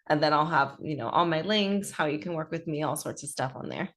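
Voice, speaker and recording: A woman's voice: low-pitched, fairly quick, a bit bright. Cheerful woman coach, interview guest. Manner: cheerful, laughs easily. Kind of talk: casual interview chat.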